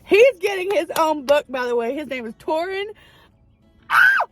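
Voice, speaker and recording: A woman, chatting excitedly and rambling with many fillers as she recaps a romance novel. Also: high-pitched, brisk, dry recording, soft background music, poor audio. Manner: gushing, rambling, lots of fillers. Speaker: book vlogger. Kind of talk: casual book review chat. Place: outdoors near a parking lot.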